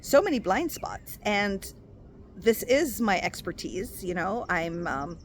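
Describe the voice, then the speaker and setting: A woman speaking as a spiritual coach and intuitive healer, giving a casual motivational talk to her viewers. She is expressive and affectionate, and calls the listener "my love.". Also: mid-range voice, slow pace, a little hiss or hum. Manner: animated and expressive, acts out quoted voices.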